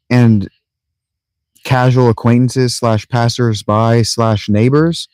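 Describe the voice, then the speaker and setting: A man's voice: medium pitch, darkish tone, no room sound. A man giving casual, rambling gaming commentary, cursing often and talking to himself. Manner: profane, rambling, talks to himself. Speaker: let's play streamer. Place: tent. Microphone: clip-on mic.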